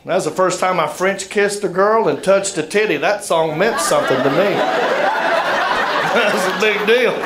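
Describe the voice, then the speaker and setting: Southern comedian on an echoey stage. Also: male voice, high-pitched, moderate pace, few pauses, background noise. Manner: drawling, self-mocking, builds to punchlines. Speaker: stand-up comedian. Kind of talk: stand-up storytelling. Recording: echoey stage with crowd laughter. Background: audience laughter.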